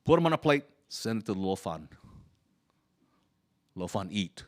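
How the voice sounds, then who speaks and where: Voicing a humble, cheerful Chinese immigrant laborer in broken English, this Hawaii storyteller tells a wistful first-person tale. His fairly low voice swings widely in pitch and runs a little slow.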